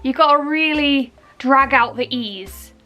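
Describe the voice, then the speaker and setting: Young Bristol woman vlogger, playful and jokey, high-pitched with light music under her. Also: takes it slowly, lo-fi sound. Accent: Bristol English. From Bristol, England. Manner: playful, jokey, puts on exaggerated local phrases. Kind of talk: comic explainer vlog.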